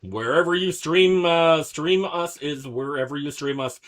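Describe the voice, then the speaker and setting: A man hosting a podcast in a casual chat, laid-back and hesitant, with many pauses and uhs. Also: fairly high pitch, fairly bright tone. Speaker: podcast host.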